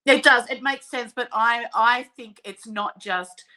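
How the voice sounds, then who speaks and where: Chatty Australian woman, bright voice. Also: on the high side, measured pace. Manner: chatty, animated, trails off mid-sentence. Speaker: host. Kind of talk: casual chat.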